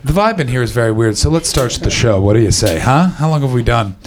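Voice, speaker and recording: A man's voice: mid-range voice, lively intonation, background noise. A man doing stand-up comedy as host, bantering with the crowd and telling profane stories. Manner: loud, profane, rapid banter. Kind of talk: stand-up crowd work and storytelling. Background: audience laughter.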